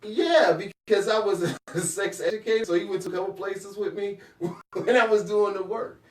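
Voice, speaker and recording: A woman's voice: mid-range voice, normal speed, darkish tone, distant mic. A woman chatting casually as a guest, playful and laughing often. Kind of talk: casual chat. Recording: roomy, off-mic.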